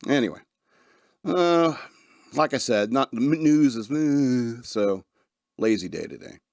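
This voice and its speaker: A man's voice: mid-range voice, animated, measured pace, darkish tone, no echo. A man hosting a radio podcast in a casual monologue, rambling and laughing often as he acts out the people he describes. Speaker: podcast host.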